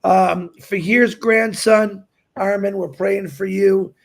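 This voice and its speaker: A man's voice: high voice, steady tone, slow pace, gravelly. An older man hosting a livestream, effusive and repetitive, reading birthdays and prayer requests with frequent fillers. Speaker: livestream host.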